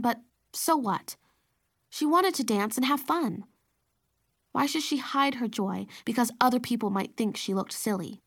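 A woman narrating a children's story in the first person, reflective and expressive. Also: a little high. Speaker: audiobook narrator.

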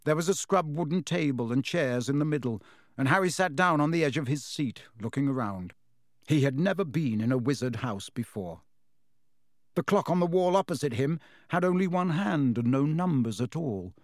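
A man's voice: fairly high pitch, expressive, normal speed, no echo, studio quality. A man narrating a storybook as an audiobook, reading expressively.

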